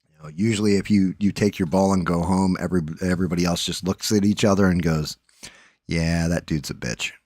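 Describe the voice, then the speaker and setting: A man's voice: low voice, steady tone, fast talker, a little mellow, dry recording, clean studio sound. A middle-aged man hosting a live stream, talking casually in a rambling, profane, joking way. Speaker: livestream host.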